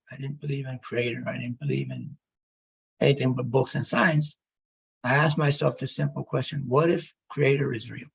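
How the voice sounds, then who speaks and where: A man telling his near-death story as emotional personal testimony, halting and pausing as he speaks. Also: mid-range voice, gravelly, muffled recording, a little hiss or hum. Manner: halting, emotional, with pauses and restarts.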